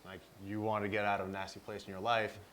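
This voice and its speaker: A man's voice: lowish voice, little pitch movement, fast, fairly bright tone, slight background noise. A young man co-hosting a podcast, talking earnestly about drive and mindset with many fillers. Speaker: podcast co-host. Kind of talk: casual chat.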